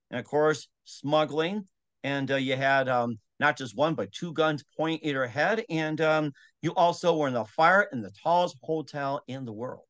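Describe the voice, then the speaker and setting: Give a male podcast host a slightly high voice and a dry, close sound. He asks loose questions padded with fillers and also reads plugs for the show. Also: a bit bright, dry recording. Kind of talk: podcast interview and promo read.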